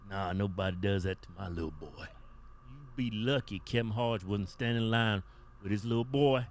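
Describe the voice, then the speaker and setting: A man on a comedic talk show giving blunt opinions in a loud, emphatic rant. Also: on the low side, normal speed.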